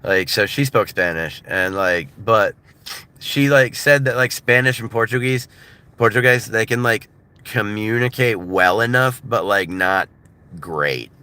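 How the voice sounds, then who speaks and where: Casting: American man, thirties, loose laughing livestream chatter, bright ringing voice. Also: on the low side, measured pace, smooth. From United States. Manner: loose and laughing, filler-heavy, mimics voices for comedy. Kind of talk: casual rambling chat. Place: in a car.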